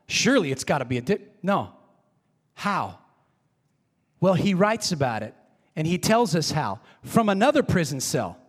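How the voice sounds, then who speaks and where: A man preaching a sermon as pastor, emphatic and swinging from high excited emphasis to quiet, hushed prayer. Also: normal speed, long pauses, husky. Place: church sanctuary. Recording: reverberant hall.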